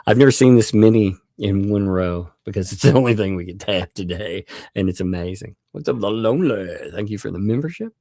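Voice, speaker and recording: A man's voice: fairly low pitch, animated, fairly quick, hardly any pauses, warm tone, dry recording, clean studio sound. A man hosting a casual live stream, rambling and chuckling as he thanks each new member in turn. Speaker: livestream host.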